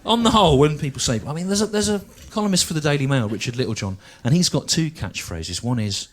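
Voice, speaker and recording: A man in his forties, from the English Midlands, does stand-up comedy. He talks in a dry, deliberate way and often repeats himself. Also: fairly high pitch, expressive. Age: 40s.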